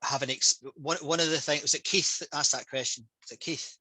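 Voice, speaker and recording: A man's voice: on the high side, fairly quick, breathy edge, dry recording, poor audio. A man with a Scottish accent, a public speaker and trainer, talking casually and with passion on a video call over a headset. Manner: passionate, energetic storytelling.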